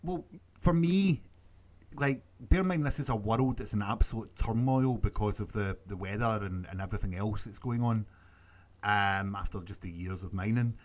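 A man co-hosting a gaming podcast, musing calmly about what might happen. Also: fairly low pitch, moderate pace. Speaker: podcast co-host. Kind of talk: casual gaming podcast chat.

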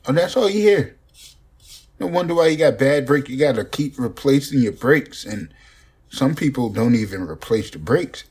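A man's voice: medium pitch, breathy edge. A young man rambling profanely and joking in a casual podcast monologue, recorded on a phone. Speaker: podcast host.

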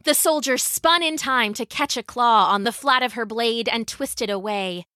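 A woman narrating a scripted children's story in a measured, vivid way. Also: on the high side, bright, forceful tone, no room sound, studio quality.

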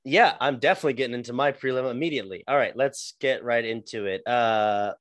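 A man's voice: mid-range voice, fairly quick, fairly bright tone, dry recording. A man co-hosting a podcast, chatting casually about fights in a rambling, joking way and stumbling over names. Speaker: podcast co-host.

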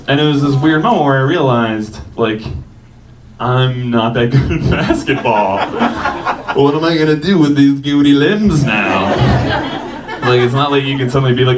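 A man's voice: medium pitch, measured pace. A man telling a self-mocking personal story on stage, often laughing through his lines. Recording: distant mic with noise.

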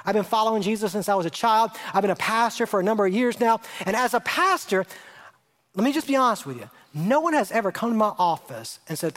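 A middle-aged man preaching a sermon as a pastor, earnest and emphatic, repeating phrases and dropping his voice low for effect. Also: expressive, quick pace, a bit bright.

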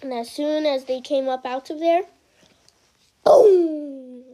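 A woman's voice: sits high, fairly even intonation, normal speed, dark tone. A woman improvising a story aloud, hesitant with frequent restarts.

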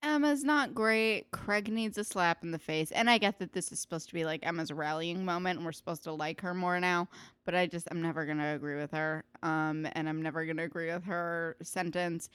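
A woman's voice: on the low side, fairly quick, a bit bright, clear, resonant tone, no echo. A woman co-hosting a podcast, giving blunt, opinionated takes in casual chat and swearing freely. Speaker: podcast co-host.

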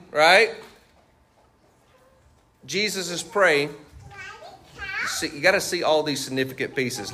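A man with a pushed, bright voice on the high side preaches a sermon in a chatty style. He tests the congregation with fill-in questions and caps his points with "right?" and "you see what I'm saying?".

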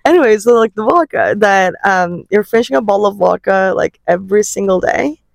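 A woman's voice: mid-range voice, animated, brisk, creaky, no echo, clean studio sound. A woman co-hosting a podcast in casual chat, playful and teasing, laughing often. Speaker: podcast co-host.

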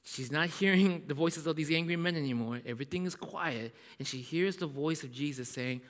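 A male pastor preaching a sermon as animated storytelling. He checks in often with "right?" and suddenly drops his voice to a whisper. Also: fairly high pitch, fairly quick, hardly any pauses. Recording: echoey hall.

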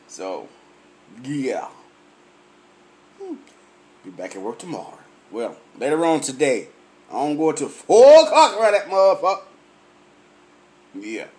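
Tipsy male vlogger, high and swooping voice, unhurried profane comic rant. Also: very animated. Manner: profane, boisterous, laughing often. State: tipsy from drinking.

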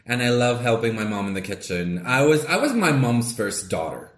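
A man's voice: medium pitch, sing-song, moderate pace. A young man, co-hosting a podcast in casual chat, rambling with fillers and restarts. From Mexico. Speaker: podcast co-host. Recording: roomy echo.

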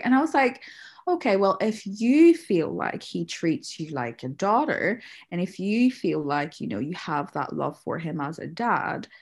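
A woman's voice: fairly low pitch, husky. A woman, a mother casually telling a story about her daughter and acting out the quotes, laughing often. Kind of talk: casual chat.

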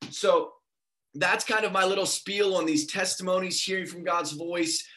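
Young guy preaching, high voice, animated storytelling, does the voices. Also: moderate pace. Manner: animated, acts out quoted voices. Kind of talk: sermon storytelling.

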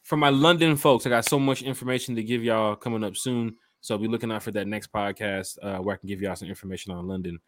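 A man's voice: on the low side, steady tone, quick pace, few pauses. A man hosting a casual fan podcast, hyped and slangy, talking straight to his listeners. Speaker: podcast host. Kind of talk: casual chat.

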